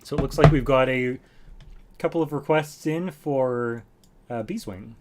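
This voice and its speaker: A man's voice: mid-range voice, measured pace, a little mellow, a little hiss or hum. A man hosting a music livestream, chatting casually between songs, thanking viewers and taking requests in an easygoing way. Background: acoustic guitar playing.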